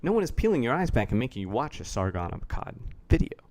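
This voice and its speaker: A man's voice: medium pitch, very animated, fast talker, darkish tone. A man giving a rambling, casual commentary rant, sardonic and full of swearing. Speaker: YouTube commentator.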